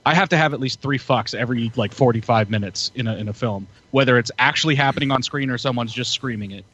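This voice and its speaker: A man's voice: mid-range voice, quick pace, fairly bright tone, slightly rough. A man chatting casually as a podcast co-host, hyped up and laughing often. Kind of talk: casual chat. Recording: muffled lo-fi audio.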